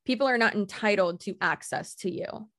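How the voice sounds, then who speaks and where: A woman's voice: medium pitch, moderate pace, a bit bright, no room sound, studio quality. A woman talking casually and bluntly as a podcast guest, assertive, swearing freely and laughing often. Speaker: guest content creator.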